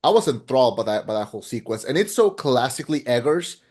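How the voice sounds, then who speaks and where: A man co-hosting a casual film podcast, his voice sitting at an everyday middle pitch. He talks in animated, rambling bursts, circling back and restarting his thoughts as he goes. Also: fast, slightly rough. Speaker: podcast co-host. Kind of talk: casual film review chat.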